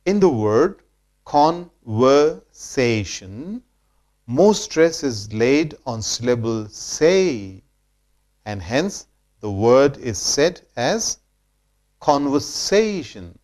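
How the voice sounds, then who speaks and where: A man from India teaching English pronunciation in a slow, deliberate scripted lesson, repeating example words for drill. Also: mid-range voice, sing-song, a little mellow.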